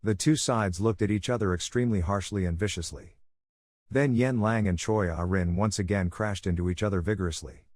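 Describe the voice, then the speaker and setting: Guy reading a comic recap, steady and even, low voice, super dry close mic. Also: fairly quick, dry recording. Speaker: recap narrator. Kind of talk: scripted story narration.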